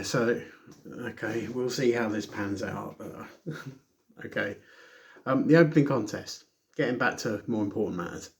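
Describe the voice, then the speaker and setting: A man casually reviewing a wrestling show on his own, rambling, correcting himself and making sarcastic asides. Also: medium pitch.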